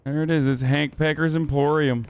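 A man's voice: fairly high pitch, fairly even intonation, moderate pace, smooth. A young man streaming a game, talking casually, getting frustrated, swearing and repeating himself. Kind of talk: casual gaming stream commentary.

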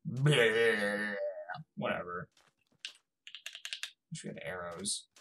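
A young man giving casual, swearing let's-play commentary, swinging from mumbling to frantic yelling. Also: mid-range voice, normal speed, a little hiss or hum. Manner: swears a lot. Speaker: gaming YouTuber.

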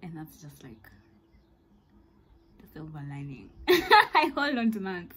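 A young woman with a Kenyan accent telling a story to camera as a vlogger, animated and dramatic, mixing in Swahili slang. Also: lowish voice, slow, poor audio. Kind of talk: storytime monologue.

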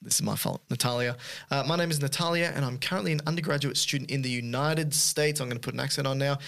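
This is a man chatting casually on a podcast. He teases his co-host and breaks off mid-email with quick jokey asides. His pitch sits in the ordinary middle range. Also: gravelly, fairly bright tone. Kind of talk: casual chat, reading listener emails aloud.

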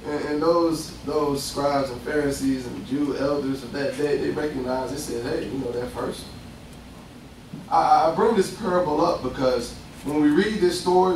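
A young man preaching a lively, conversational sermon, acting out voices and laughing often. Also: on the high side, moderate pace, slight background noise. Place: church. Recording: echoey distant room sound.

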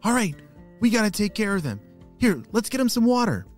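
A man voicing a young boy in a children's story, talking in an eager, quick, upbeat way. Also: sits high, very animated, faint music behind, voice pushed up. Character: excited young boy bike rider.

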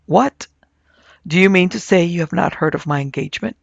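A man's voice: high-pitched, brisk, creaky, no room sound, lo-fi sound. A man doing a hearty, eager young student.

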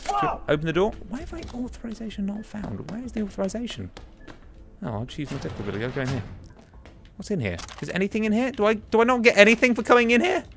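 A man's voice: high voice, big pitch swings, quick pace, gravelly, background noise. A young man giving chatty, exasperated commentary while playing a game. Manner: chatty, exasperated, muttering to himself. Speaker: gaming commentator. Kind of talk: casual let's-play commentary.

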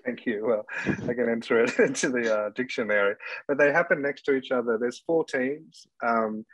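A man's voice: medium pitch, normal speed, a bit bright, no echo, rough recording. An Australian man, a show's producer, chatting casually in an interview, rambling and laughing as he talks. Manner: rambling, laughs mid-sentence. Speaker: executive producer and director.

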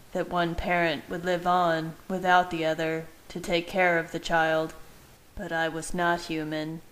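Brief: woman narrator, lowish voice, steady reading of a romance story. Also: low-quality recording. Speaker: fan fiction reader. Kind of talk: reading fan fiction aloud.

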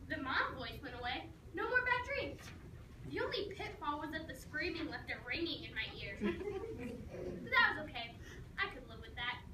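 A woman performing a comic dramatic monologue, telling the story in a sarcastic, animated way. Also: high voice. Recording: echoey room, mic far off, noisy.

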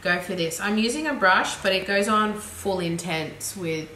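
A woman's voice: medium pitch, moderate pace, bright, forceful tone. An Australian woman reviewing makeup in a casual, chatty, giggly way, thinking aloud as she goes. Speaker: beauty vlogger. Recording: echoey room with faint noise.

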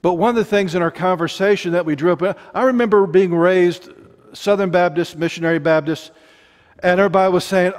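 A middle-aged preacher with an Ozarks accent delivers an impassioned, rambling sermon full of joking asides. His voice sits notably high for a man. A long reverb hangs on every phrase. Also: fairly quick.

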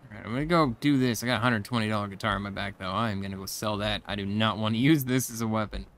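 A man giving casual let's-play commentary, chatty and quick to react aloud and laugh at the game. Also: lowish voice, fairly bright tone. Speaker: gamer.

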